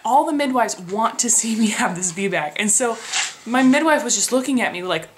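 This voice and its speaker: A woman's voice: on the high side, animated, normal speed, slight background noise. A young woman casually vlogging, chatty and frustrated, laughing often. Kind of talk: casual pregnancy vlog.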